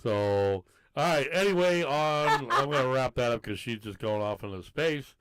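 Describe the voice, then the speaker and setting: A man's voice: medium pitch, expressive, normal speed, fairly bright tone, smooth. A man co-hosting a casual podcast, talking in a rambling, easygoing way. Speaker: podcast co-host. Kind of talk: casual bar-talk podcast chat.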